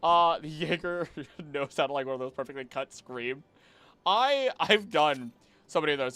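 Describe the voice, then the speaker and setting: Lively man streaming a game. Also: on the high side, clean tone. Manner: animated, rambling, quick reactive outbursts. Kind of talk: live gameplay commentary to chat. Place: home, seated at a computer.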